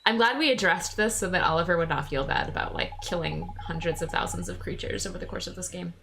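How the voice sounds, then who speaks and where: A woman's voice: lowish voice, fast talker, creaky, noisy background. A young adult woman streamer chatting casually and thinking aloud while she plays. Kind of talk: casual gameplay commentary. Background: game music.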